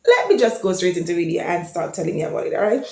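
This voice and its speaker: A woman's voice: lowish voice, lively intonation, fast talker, gravelly, warm tone, echoey room. A woman from Jamaica with a Jamaican accent, chatting enthusiastically to her viewers in a casual vlog. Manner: chatty and enthusiastic, sometimes reciting lines. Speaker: vlogger.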